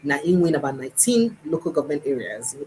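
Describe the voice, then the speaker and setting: A woman's voice: low voice, very animated, fast talker, darkish tone, a little hiss or hum, poor audio. A woman with a Nigerian accent hosting a livestream news review, reading headlines aloud and commenting on them, often switching into Pidgin.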